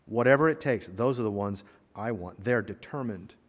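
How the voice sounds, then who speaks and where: A man preaching a sermon as a pastor, acting out short quoted voices in an animated way. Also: lowish voice, moderate pace, long reverb tail.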